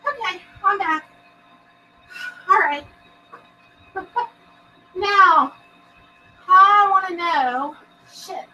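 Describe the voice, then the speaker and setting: Casting: very high, bright-voiced woman host, slow and drawn out, giggly, cussing, bubbly chat. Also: recorded from a distance, dull audio, soft background music. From Texas. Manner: giggly, bubbly, swears a lot. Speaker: paranormal show host. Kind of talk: casual live-stream chat.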